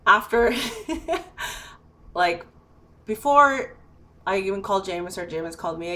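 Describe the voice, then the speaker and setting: A woman's voice: mid-range voice, a bit bright. A young woman recounting a personal mishap in a casual, chatty way. She laughs often as she talks, and her sentences are strung together with plenty of fillers. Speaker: storyteller. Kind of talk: casual anecdote telling.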